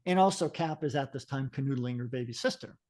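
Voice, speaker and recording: A man's voice: medium pitch, fast talker, darkish tone. Male co-host, casual chat, meandering delivery with many restarts. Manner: rambling, frequent fillers and restarts. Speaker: podcast co-host. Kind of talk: casual podcast chat about comics.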